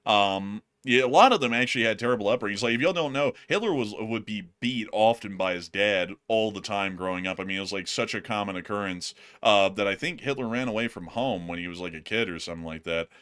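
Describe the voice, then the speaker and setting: A man's voice: lowish voice, fast talker, hardly any pauses, fairly bright tone, clear, resonant tone. A man hosting a live news-commentary stream, talking in a rambling way with lots of fillers and repeated words as he thanks viewers. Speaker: host.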